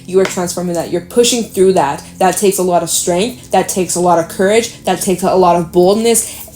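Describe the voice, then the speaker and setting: A woman's voice: lowish voice, normal speed, dark tone. A woman giving an encouraging, emphatic tarot reading in a casual way, swearing now and then. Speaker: tarot reader. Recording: echoey room.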